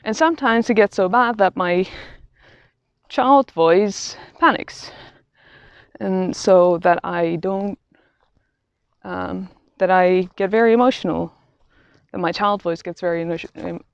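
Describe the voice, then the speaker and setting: A woman talking through a reflective vlog while out on a quiet walk in nature, halting and thoughtful, often restarting her sentences. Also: fairly low pitch, vocal fry, clear, resonant tone, no room sound. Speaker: vlogger. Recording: dull, slightly lo-fi sound.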